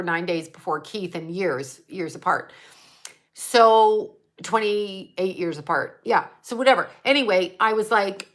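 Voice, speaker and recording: Bright-voiced woman telling a rambling personal story. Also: mid-range voice. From United States. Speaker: psychic medium livestream host. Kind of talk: livestream talk with viewers.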